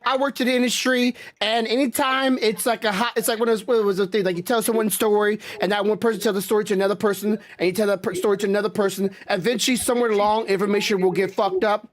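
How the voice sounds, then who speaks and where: A woman's voice: mid-range voice, fairly even intonation. Rambling woman podcast co-host. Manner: rambling, halting restarts, mild swearing. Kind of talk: casual chat.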